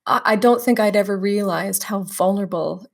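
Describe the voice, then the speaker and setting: A woman's voice: medium pitch, moderate pace, creaky. A woman from Canada, a stage actress, telling stories as an interview guest and now and then acting out the people she quotes. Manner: animated, breaks into quoted voices and laughter. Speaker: guest, musical theatre actress. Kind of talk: interview storytelling.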